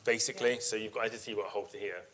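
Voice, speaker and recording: Bright-voiced man telling stories. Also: on the low side, steady tone, fast. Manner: chatty storyteller, acts out quotes, laughs often. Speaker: sheep breeder giving a workshop talk. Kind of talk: informal presentation to an audience. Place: live workshop in front of an audience.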